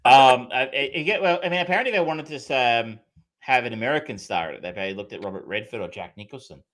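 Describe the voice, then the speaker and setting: A man's voice: medium pitch, animated, fast, fairly bright tone. A man co-hosting a film podcast, chatting casually with many fillers, restarts and the odd swear word. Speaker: podcast co-host. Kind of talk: casual film review chat.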